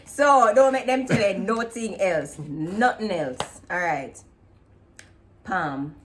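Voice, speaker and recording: A woman with a Jamaican accent hosting a casual video chat, relaxed and laughing often as she slips into patois. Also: mid-range voice, slow pace, slight background noise. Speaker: vlog host. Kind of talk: casual chat comparing dialects.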